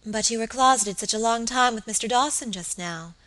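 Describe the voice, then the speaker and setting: A woman's voice: a little high, a little fast, a bit bright, natural voice. A woman reading the part of a pretty, anxious young lady of the house who talks eagerly.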